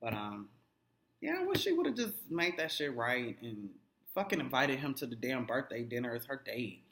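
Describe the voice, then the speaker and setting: A man's voice: medium pitch, big pitch swings, normal speed, a bit bright. A young adult man casually recapping a TV episode, swearing constantly and acting out the characters' lines. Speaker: TV recap vlogger. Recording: echoey room.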